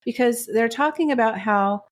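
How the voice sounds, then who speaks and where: A woman's voice: fairly high pitch, moderate pace. A woman co-hosting a podcast, recapping a TV drama in casual chat with gushing, emotional enthusiasm. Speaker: podcast co-host.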